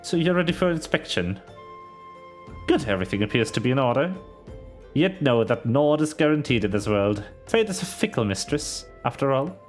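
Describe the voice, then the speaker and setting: A man voicing a stern, grave male sellsword captain in a game, reading in a measured, formal way with a few slips. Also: medium pitch, sing-song, soft background music, pitched below the performer's own voice, close to an everyday voice. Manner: measured, formal, slightly halting read.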